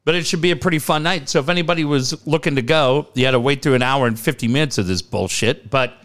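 A man's voice: mid-range voice, fast, fairly bright tone. A man co-hosting a show, chatting casually in an upbeat, chatty way. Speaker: radio show co-host. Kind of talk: casual chat.

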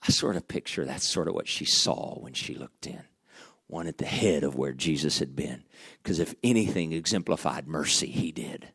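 A man preaching a sermon, dramatic and full of rhetorical questions, dropping to a hush and then rising loud again. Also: a bass voice, normal speed, breathy edge, no echo, studio quality.

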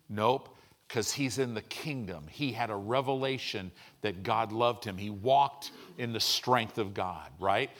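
A man's voice: mid-range voice, a bit bright. A man pastor preaching a sermon, asking his congregation questions and building to emphatic peaks.

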